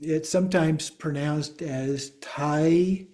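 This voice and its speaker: Slow, mellow-voiced man teaching a class. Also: on the high side. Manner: patient, spells words out letter by letter. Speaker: Buddhist teacher. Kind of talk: class lecture.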